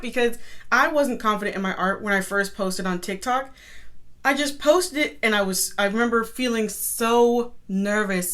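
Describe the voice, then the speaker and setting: A young woman and artist talking to camera in a casual, upbeat motivational vlog, chatty and quick to laugh. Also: fairly high pitch, a bit bright. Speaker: artist and content creator.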